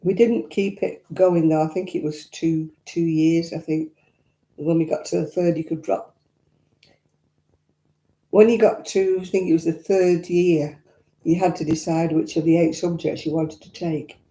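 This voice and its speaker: Here the Northern English host sounds low and mellow, a touch slow, with fairly level intonation. The older woman reminisces and responds to viewer comments from her echoey home, dropping the odd blunt aside.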